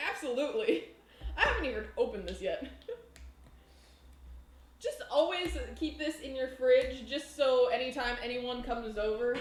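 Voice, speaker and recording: A woman's voice: high-pitched, slight background noise. A woman chatting casually on a live cooking stream in her home kitchen, rambling and laughing often. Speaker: baking streamer. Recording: echoey room.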